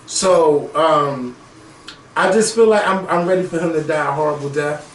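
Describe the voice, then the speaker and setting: Animated, profane man with a raised pitch. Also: moderate pace. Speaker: podcast co-host. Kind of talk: casual chat. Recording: echoey room, voice from a distance, faint noise.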